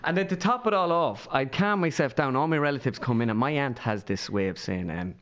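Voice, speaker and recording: A young Irish man, a podcast guest, telling a funny story in a loose, animated way and putting on voices of the people in it. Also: mid-range voice, brisk, lo-fi sound. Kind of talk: casual storytelling chat.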